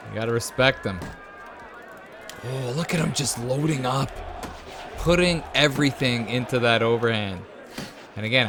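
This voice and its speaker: An excitable man commentating his own gameplay, cheering at the screen one moment and going hushed the next. His voice sits at an ordinary middle pitch, with a noisy background under it. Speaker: host. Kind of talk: let's-play game commentary.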